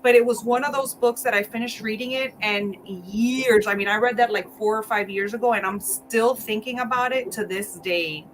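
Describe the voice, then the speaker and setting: A woman talking enthusiastically about a favorite book over a video call, telling her story in an animated way. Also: a little high, moderate pace, few pauses, slight background noise. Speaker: book club co-host. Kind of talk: casual video-call chat.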